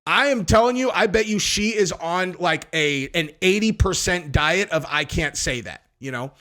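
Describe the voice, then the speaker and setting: A man doing casual reaction commentary on video clips, talking fast and jumping in excitedly. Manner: animated, interrupts excitedly, voice jumps high when worked up.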